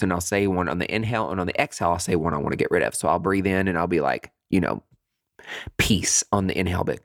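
A man talking casually to his listeners, acting out his own thoughts in quick jumps to high, dramatic voices. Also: fairly bright tone, no echo, clean studio sound. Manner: swears freely, says "girl" and "honey". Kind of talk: casual monologue.

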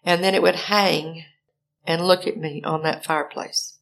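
An older woman tells a story, her voice carrying a gravelly edge. She talks animatedly and acts out her own frantic calls for help. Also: low-pitched, fairly even intonation, unhurried, fairly bright tone. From Alabama, US. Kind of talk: personal storytelling.

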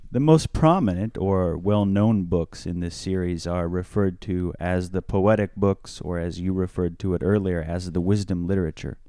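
A man, a priest, explaining scripture on a podcast in a measured, teacherly way, stressing key words. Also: low voice, warm tone, clean tone, dry recording, studio quality.

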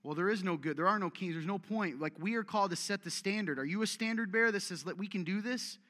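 Male preacher, exhortative and direct, fairly high pitch, long hall reverb. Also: sharp tone. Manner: exhortative, direct, repeats commands for emphasis. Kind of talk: sermon. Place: church meeting room with audience.

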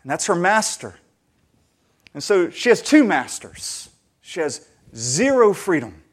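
A man preaching a sermon, earnest and conversational, often restarting his sentences and building to emphatic, louder peaks. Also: sits high, very animated, measured pace. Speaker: pastor.

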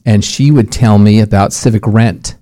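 A man's voice: fairly low pitch, fairly even intonation, normal speed, dark tone, dry recording, studio quality. A man interviewing a guest, asking long, hesitant questions full of fillers. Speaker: interviewer, former chamber president. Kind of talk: interview conversation.

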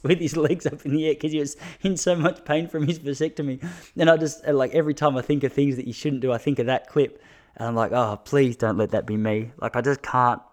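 Chatty, self-mocking Australian man. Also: mid-range voice. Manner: chatty, self-mocking, laughs often, trails into restarts. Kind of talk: casual monologue to listeners.

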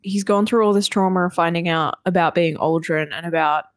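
A woman's voice: on the low side, fairly quick, no room sound. A woman co-hosting a podcast, chatting animatedly about a video game and acting out quotes as she reacts. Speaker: podcast co-host.

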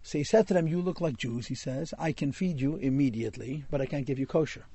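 A man's voice: medium pitch, fast talker, mellow, husky. A man telling a Hasidic story in a class, mixing in Yiddish and Hebrew words.

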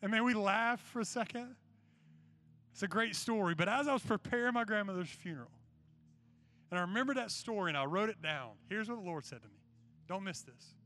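A high, bright man's voice delivers a sermon to students. He tells a homespun story before building to an urgent call. Soft music plays behind him. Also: lively intonation, fairly quick. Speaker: youth preacher.

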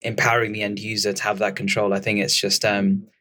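A man's voice: fairly low pitch, flat delivery, quick pace, bright, forceful tone. A man who is a startup cofounder, guesting on a podcast and talking earnestly with frequent fillers. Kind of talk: casual podcast chat.

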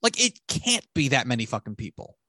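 Male podcast co-host, lively swinging delivery, rambling and profane, dry sound. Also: mid-range voice, a little fast, no echo. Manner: rambling, profane, animated retelling. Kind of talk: casual movie review chat.

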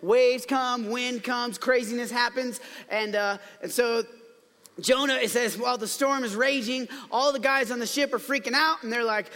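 A man preaching a casual, conversational sermon, telling the story chattily with playful asides and quick restarts. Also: very high voice, pushed and bright. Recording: long hall reverb.

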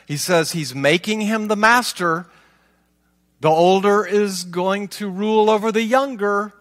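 A man's voice: sits high, a little slow, fairly bright tone, big-room sound. A man reading scripture aloud and stopping to comment with rhetorical questions. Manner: reads aloud, then asks rhetorical questions. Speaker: Bible teacher.

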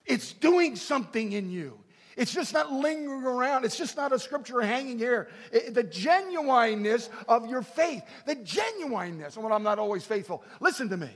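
A man preaching a sermon, animated, acting out prayers and swinging between loud and soft delivery. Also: very high-pitched, moderate pace, breathy edge. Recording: long hall reverb.

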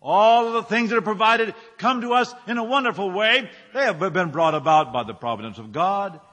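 A man's voice: sits high, lively intonation, brisk, fairly bright tone, big-room sound. A male pastor preaching a sermon, firing rhetorical questions and building his phrases up with emphasis.

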